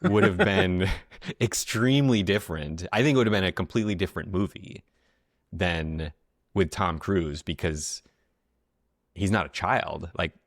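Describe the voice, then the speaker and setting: A man co-hosting a casual film podcast, talking in a halting way with many fillers and restarts. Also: sits low, expressive, no room sound, clean studio sound. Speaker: podcast co-host.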